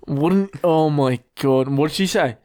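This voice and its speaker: A man's voice: a little high, moderate pace, darkish tone. A tipsy man co-hosting a casual podcast, swearing and leaning right on the mic. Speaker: podcast co-host.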